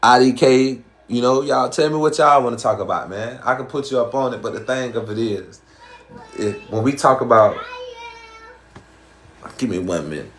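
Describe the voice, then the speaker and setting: A man's voice: mid-range voice, lively intonation, moderate pace, a bit bright. A man with a Southern American accent, hosting a live stream in casual chat and talking in slangy, profane, rhyming streetwise patter. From Southern US, Georgia.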